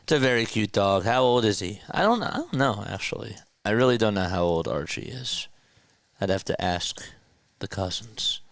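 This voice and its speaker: A man's voice: lowish voice, normal speed, vocal fry, fairly bright tone, no room sound. A man hosting a casual sports livestream, chatting loosely and reading viewer comments aloud from a home streaming setup. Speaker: play-by-play livestream host. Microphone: podcast mixer setup.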